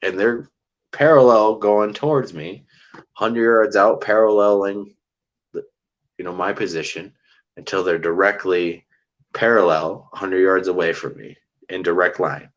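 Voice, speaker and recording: A man telling a cryptid encounter story in casual, rambling chat, getting excited and restarting his sentences. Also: low voice, dull audio. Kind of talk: casual storytelling on a live call-in show.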